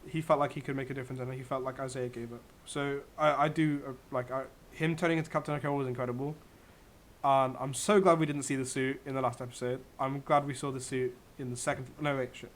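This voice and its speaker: A man's voice: mid-range voice, fairly even intonation, fast talker. A young man co-hosting a casual TV review, chatty and enthusiastic, often correcting himself. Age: young adult. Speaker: co-host reviewing a TV series. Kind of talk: casual chat.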